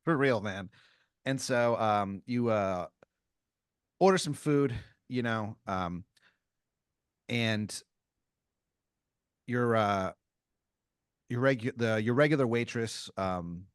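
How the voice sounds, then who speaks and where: A man's voice: lowish voice, takes it slowly, long pauses, smooth, no room sound. Rambling male podcast storyteller, dry sound. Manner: rambling, full of fillers and restarts. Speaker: podcast co-host. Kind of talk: improvised comedic storytelling.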